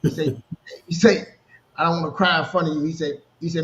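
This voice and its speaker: A man in his thirties telling personal stories in a casual podcast conversation, animated and full of restarts. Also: on the high side, fairly quick, long pauses, a little hiss or hum. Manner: storytelling, animated, repeats words and restarts. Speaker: podcast co-host. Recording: roomy, dull lo-fi sound.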